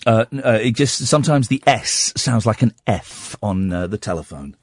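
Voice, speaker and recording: A man's voice: fairly low pitch, animated, moderate pace, breathy edge, no room sound. A man hosting a late-night radio phone-in from a studio, talking with callers in a teasing, sarcastic way. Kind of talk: casual phone-in banter. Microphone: studio microphone.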